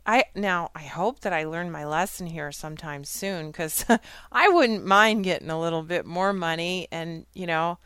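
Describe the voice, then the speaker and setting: A woman's voice: fairly low pitch, moderate pace, fairly bright tone, smooth, no room sound. A middle-aged woman hosting a casual Christian talk, speaking frankly and emotionally and often breaking into laughter. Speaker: host of a faith and current events talk. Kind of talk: casual Christian commentary monologue.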